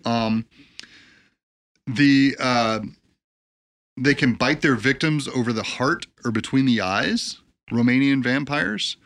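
A man's voice: mid-range voice, slow pace, long pauses, fairly bright tone, no room sound. An American man co-hosting a podcast, rambling through facts with lots of ums and hesitations. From United States. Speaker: podcast co-host. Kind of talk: casual podcast chat.

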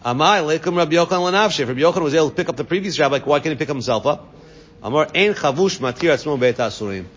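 A man's voice: on the high side, expressive, very fast, slight background noise. A man teaching a Talmud class to students, translating each Aramaic phrase into English. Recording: dull lo-fi recording, long reverb.

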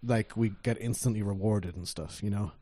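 Animated Irish man, mellow dry voice. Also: on the low side, normal speed, no echo. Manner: animated storyteller who swears for emphasis. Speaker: podcast co-host. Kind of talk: casual chat.

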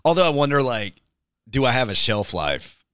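A man's voice: mid-range voice, sing-song, moderate pace, fairly bright tone, clear, resonant tone, no echo, clean studio sound. A man who is a worship pastor, chatting casually and rambling with lots of fillers. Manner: rambling, filler-heavy, breaks into singing snippets. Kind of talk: casual chat.

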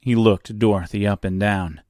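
A man narrating a chapter of a novel as an audiobook, in a measured storytelling way. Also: fairly low pitch, steady tone, darkish tone, no echo, studio quality.

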